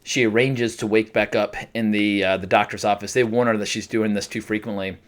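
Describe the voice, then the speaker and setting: A man's voice: lowish voice, fairly even intonation, fairly quick. Chatty man reviewing a TV episode. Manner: chatty, self-deprecating, frequent fillers and restarts. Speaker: TV review vlogger. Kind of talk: casual spoken review.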